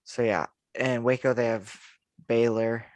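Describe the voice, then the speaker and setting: A man's voice: medium pitch, level tone, measured pace, dry recording. A man co-hosting a casual podcast chat, rambling with lots of fillers and frequent laughs. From United States. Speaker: podcast co-host.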